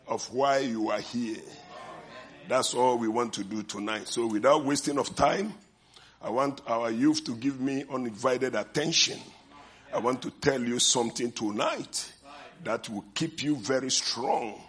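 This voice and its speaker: A man's voice: medium pitch, fairly bright tone. An older man with a foreign accent preaching a sermon, leading the congregation with call-and-response and repeated amens. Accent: non-native English accent. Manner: call-and-response, repeated "amen and amen", drawn-out emphasis. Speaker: visiting preacher.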